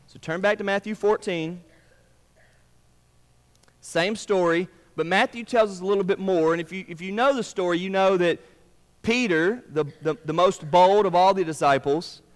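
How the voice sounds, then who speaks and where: A male pastor preaching a sermon, swinging between emphatic lines and hushed, drawn-out words. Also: high-pitched, clear, resonant tone. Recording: long reverb of a large room.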